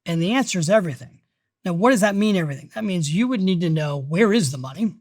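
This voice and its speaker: A middle-aged man, a guest on a podcast interview, who talks about money in an emphatic, energetic way and tells stories as he goes. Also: high-pitched, fast, no echo, clean studio sound. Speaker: guest, financial author.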